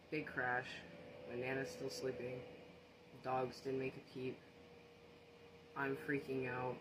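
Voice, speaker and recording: Speaking at a middle pitch, a man rambles casually through a story, full of fillers and restarts, while faint ambient noise hums behind him.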